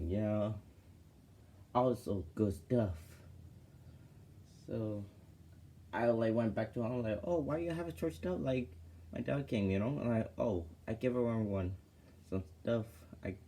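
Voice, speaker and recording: A man's voice: fairly low pitch, fairly even intonation, slow pace, creaky, long pauses, dark tone. A man casually telling a personal story to his viewers, rambling and full of fillers and restarts. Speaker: vlogger.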